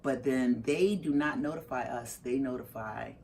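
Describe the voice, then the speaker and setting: A woman's voice: normal speed, a little hiss or hum. A middle-aged woman, the mother of a parolee, telling her story in an interview and acting out her own reactions with big leaps in her voice. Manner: animated, acts out her own reactions with big jumps in pitch.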